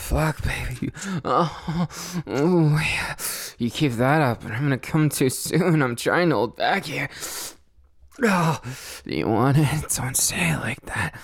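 A young man performing an intimate audio role-play, teasing and breathy, often dropping into a whisper. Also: a little high, lively intonation, slow.

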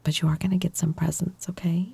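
A woman voicing an affectionate girlfriend who gently reassures and teases her partner, in a whispered role-play. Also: on the low side, little pitch movement, quick pace, gravelly, slightly rough, no echo, exaggerated voice. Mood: tender. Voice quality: soft, gentle, reassuring, playfully teasing.

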